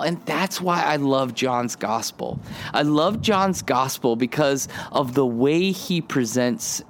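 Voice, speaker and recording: Relaxed rambling male pastor outdoors. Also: on the high side, a little hiss or hum. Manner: relaxed and rambling, many fillers and restarts. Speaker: pastor and podcast host. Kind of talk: casual devotional podcast talk. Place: outdoors on a windy day.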